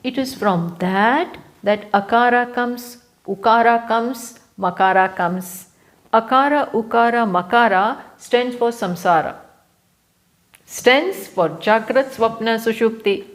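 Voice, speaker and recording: At a live talk venue, a woman spiritual teacher lectures on scripture in an unhurried way, her voice slightly high. She has an Indian English accent and repeats key phrases for emphasis.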